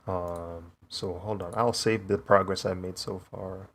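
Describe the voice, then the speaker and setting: Young male streamer, relaxed and chatty, low-ish voice, talks while he draws. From United States. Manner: laid-back, laughs often, says "bro". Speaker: streaming artist. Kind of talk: casual chat while drawing on stream.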